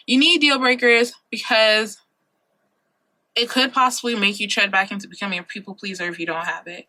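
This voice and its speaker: Bright, emphatic young woman vlogger. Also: on the high side. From Ohio, USA. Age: late 20s. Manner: earnest, emphatic, repeats key points, slangy asides. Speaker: vlogger giving life advice. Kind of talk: casual advice vlog. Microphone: compact camera mic.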